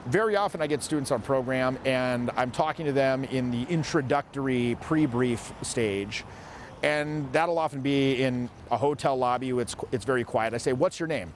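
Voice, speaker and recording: In his forties, this social skills coach speaks at a normal speed with a medium-pitched voice, delivering an emphatic lesson and demonstrating vocal tones along the way. Slight background noise can be heard.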